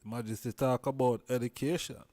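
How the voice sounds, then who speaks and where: Man, level monotone, dry close sound, calm and hesitant. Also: medium pitch, fairly quick, no room sound.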